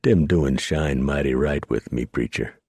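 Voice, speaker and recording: A man voicing a folksy, rough-talking old frontier trapper in a western audiobook. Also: very deep voice, a little slow, a little mellow, no echo, studio quality, heavily acted.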